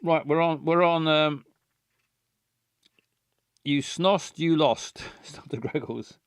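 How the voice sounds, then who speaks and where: A man's voice: on the high side, slow pace, clear, resonant tone, no echo, studio quality. A man hosting a live-stream game playthrough, talking hesitantly with many ums and chuckles and greeting viewers by name.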